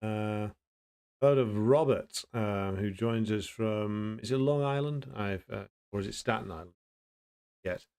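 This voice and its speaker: A man hosting a casual livestream, greeting viewers and answering their comments in a blunt, opinionated way, pausing often to think and restarting his sentences. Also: lowish voice, darkish tone, smooth. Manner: thinks aloud with frequent pauses and restarts. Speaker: livestream host.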